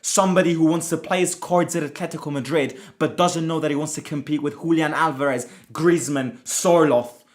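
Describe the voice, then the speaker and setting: A man's voice: on the high side, steady tone, brisk. A man hosting a fan channel, ranting angrily and swearing as he reacts to a football loss, often repeating himself. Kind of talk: angry football reaction rant.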